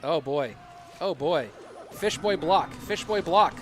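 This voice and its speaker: A man casting an esports tournament on a live stream, rambling casually while reading chat and breaking into excited play-by-play. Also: on the high side, slow, slight background noise. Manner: rambling, self-deprecating, reads chat aloud; bursts into loud excited play-by-play. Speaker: esports caster.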